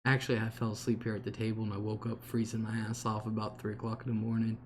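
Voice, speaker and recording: A man's voice: on the low side, little pitch movement, fast, a little hiss or hum. A man hosting a casual livestream from home, chatting freely, laughing often and answering viewer comments. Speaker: livestream host. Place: home, at a table.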